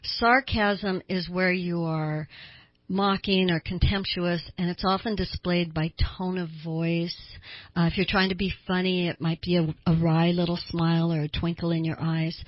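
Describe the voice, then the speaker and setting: A woman's voice: on the low side, no echo, dull audio. A woman therapist hosting a radio talk show, explaining things earnestly with small laughs.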